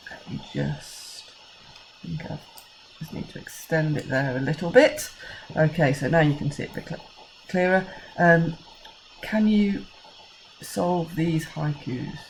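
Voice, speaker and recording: A woman teacher with an English accent, talking young pupils through a recorded lesson and counting out syllables slowly and clearly. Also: sits low, a little hiss or hum, poor audio. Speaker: primary school teacher.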